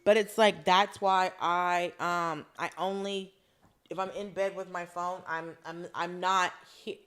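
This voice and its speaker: A woman's voice: on the low side, steady tone, a bit bright, smooth. A young adult woman co-hosting a podcast, chiming in emphatically while recapping a TV drama. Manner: emphatic, quick interjections. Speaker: podcast co-host and producer. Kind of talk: casual chat recapping a TV drama.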